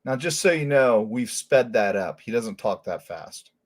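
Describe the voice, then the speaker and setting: A man who was a detective hosts his own commentary show and vents with open anger. He swears freely and hammers his points home. His voice sits at an ordinary middle pitch. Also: expressive, a little slow. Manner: heated, profane ranting. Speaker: host, former detective. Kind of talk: angry commentary.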